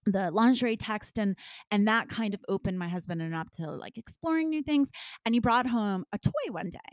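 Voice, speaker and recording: A middle-aged woman talks candidly in a podcast interview, her voice sitting in an ordinary middle register. She tells stories with lively, animated swings between hushed asides and loud bursts. The recording is dry and close, with no room sound. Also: medium pitch, brisk, no room sound. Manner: frank, animated storyteller with big swings. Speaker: guest, intimacy business owner.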